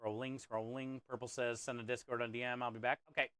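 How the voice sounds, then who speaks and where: A man's voice: mid-range voice, level tone, quick pace, bright, forceful tone, clear, resonant tone, dry recording. A man hosting a live cooking stream, chatting casually and reading viewer comments aloud in a friendly, laid-back way. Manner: friendly, chatty, addresses viewers as bro and dude. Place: kitchen or food truck.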